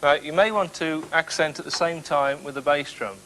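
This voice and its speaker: A man teaching drums, explaining clearly step by step and counting out beats. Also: fairly high pitch, moderate pace, heavy background noise. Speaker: drum instructor. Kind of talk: instructional demonstration.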